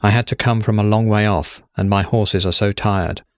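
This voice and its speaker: A man voicing Death as a young woman in a storybook, speaking softly, sweetly and earnestly. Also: on the low side, steady tone, normal speed, no echo, clean studio sound, close to an everyday voice. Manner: soft, earnest, apologetic.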